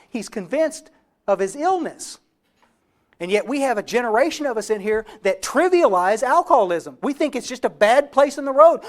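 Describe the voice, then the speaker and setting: A man with a Texan accent giving a fast, folksy and emphatic recovery talk to a workshop audience. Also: extremely high pitch. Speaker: recovery speaker.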